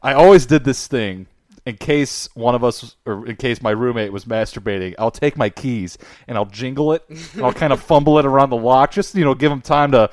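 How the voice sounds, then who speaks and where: A man co-hosting a podcast, telling a crude story with laughter and animated asides. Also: medium pitch, fairly quick, no room sound, studio quality. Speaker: podcast co-host. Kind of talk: casual storytelling.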